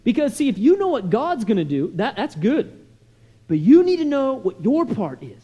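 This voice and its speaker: A man preaching with a high, mellow voice that leaps around in pitch. He tells stories in a chatty way, full of asides, then rises into loud, emphatic lines. A lively, animated delivery. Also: moderate pace, husky, muffled recording. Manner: conversational storytelling with many "you know" and "right?" asides. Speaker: pastor. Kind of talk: sermon.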